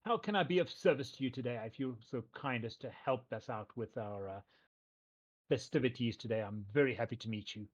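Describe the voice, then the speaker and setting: A man's voice: mid-range voice, natural voice. A man voicing an eager, fussy town mayor who gushes and rambles, on a dull lo-fi mic. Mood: welcoming. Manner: gushing, rambling, hurried.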